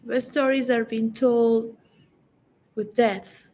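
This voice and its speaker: A woman with a slightly high voice talks alone in a reflective, philosophical monologue. She rambles and pauses often, restarting her sentences as she feels her way through her thoughts. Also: steady tone, a little mellow, low-quality recording. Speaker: vlogger.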